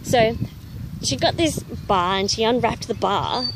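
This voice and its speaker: A woman's voice: a little high, measured pace. Young woman chatting to camera outside, lots of you knows, noisy background. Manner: animated, chatty, heavy on "you know" fillers. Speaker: fitness vlogger. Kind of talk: casual personal storytelling to camera.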